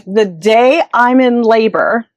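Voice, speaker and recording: A woman in her forties, a real estate agent telling stories in an interview, animated and acting out the people she quotes. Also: on the high side, slow, dry recording, muffled recording. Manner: animated, acts out quoted dialogue. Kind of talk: interview storytelling.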